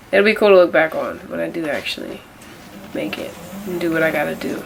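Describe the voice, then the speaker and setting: A woman's voice: deep voice, expressive, fairly quick, vocal fry, a little hiss or hum, low-quality recording. A young woman vlogging about a setback in a casual, rambling way, with a nasal voice and lots of filler words. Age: young adult. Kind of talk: casual confessional vlog.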